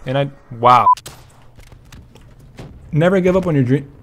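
A young man giving excited gameplay commentary, laughing, gasping and repeating himself as he plays. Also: mid-range voice, a little slow, background noise. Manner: excitable, laughs and gasps often, repeats phrases. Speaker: gaming YouTuber. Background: background music.

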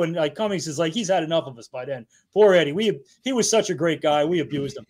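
A man's voice: high voice, quick pace, darkish tone. Chatty fifties man telling stories. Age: 50s. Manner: rambling storyteller, laughs often, swears casually. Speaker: guest, battalion chief. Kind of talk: casual anecdote-telling.

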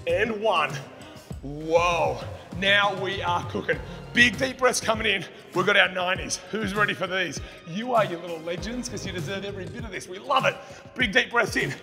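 A man's voice: high voice, pushed and bright. A young Australian man who works as a fitness instructor, coaching a follow-along workout with upbeat, encouraging cues and countdowns. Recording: long reverb, music behind.

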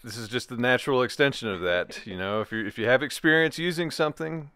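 A man's voice: mid-range voice, fast, sharp tone. A man co-hosting a casual commentary show, reading out posts and laughing at his own jokes. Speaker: co-host. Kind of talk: casual commentary reacting to social media posts.

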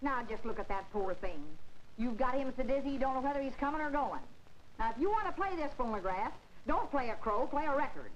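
An actress playing a motherly country woman who scolds in a brisk, folksy way. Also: high voice, animated, lo-fi sound, a little hiss or hum. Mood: scolding.

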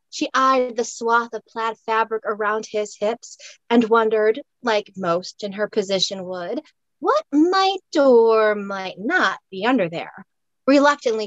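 A woman author reading her novel aloud in a lively, amused storytelling manner on a close mic. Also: a little high, no echo, muffled recording. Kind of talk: audiobook-style narration.

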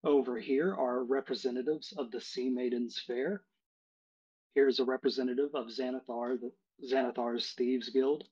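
Man, game master, husky voice, filler-heavy explaining, dull lo-fi audio. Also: mid-range voice, steady tone, moderate pace, darkish tone. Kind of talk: narrating a tabletop game.

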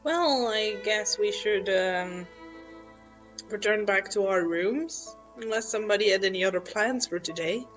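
A woman playing in an online tabletop game, talking in a relaxed, wry way. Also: mid-range voice, a little slow, faint music behind. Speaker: player. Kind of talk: casual tabletop game chat.

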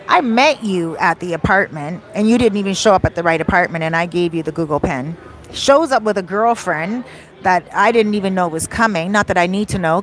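Chatty woman vlogger telling a story. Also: mid-range voice. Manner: animated, chatty, exasperated retelling. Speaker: vlogger, host of a live stream. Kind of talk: casual storytelling to viewers.

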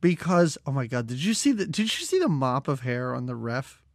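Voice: mid-range voice, sing-song, brisk, no echo, studio quality. A podcast co-host in casual movie-review chat, joking and laughing often while mocking scenes.

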